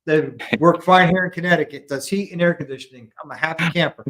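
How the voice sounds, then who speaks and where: A man's voice: fairly high pitch, fast, fairly bright tone, poor audio. An American man and army veteran talking casually from his garage, earnest and fond of telling stories. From United States. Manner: earnest, storytelling. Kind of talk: casual chat. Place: garage at home.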